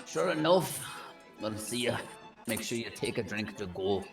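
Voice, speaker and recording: A man's voice: lowish voice, lively intonation, normal speed, creaky, over music. A man voicing a hearty, hard-drinking dwarf who talks in a jovial, boisterous way.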